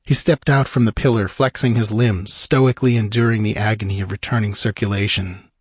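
A man narrating an audiobook in a measured, grave manner with a husky voice. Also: lowish voice, fairly even intonation, dry recording, studio quality.

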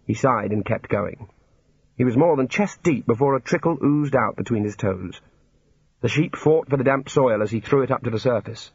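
Reading a comic fantasy novel as an audiobook, a man uses a husky, medium-pitched, expressive voice at normal speed. His scripted narration has a dry storytelling style, and the dull lo-fi recording has no echo.

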